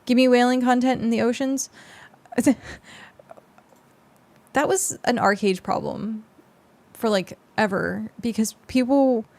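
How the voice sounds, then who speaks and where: A woman's voice: a little high, fairly even intonation, slow pace, long pauses, a little mellow, no echo. A young adult woman streamer chatting casually with her viewers on a close mic, rambling with lots of fillers. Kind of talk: casual livestream chat with viewers.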